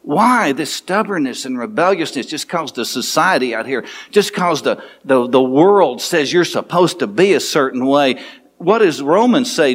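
A man preaching a sermon as pastor, animated, laughing and making quick asides to the congregation. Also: fairly high pitch.

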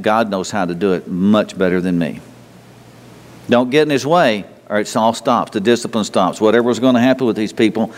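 Male preacher, conversational sermon, repeats himself, rhetorical questions, long reverb of a church hall. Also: lowish voice. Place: church sanctuary.

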